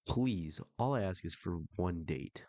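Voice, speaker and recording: A man's voice: low voice, expressive, measured pace, warm tone, no room sound. A man reading the messages of a pushy, creepy man who keeps texting a widow, in a wheedling, insistent tone.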